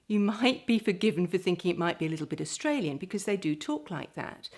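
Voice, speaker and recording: A middle-aged woman, a speaker coach, giving presentation tips straight to the camera and demonstrating calm and lively voice patterns. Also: mid-range voice, a little fast, few pauses. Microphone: camera mic, standing.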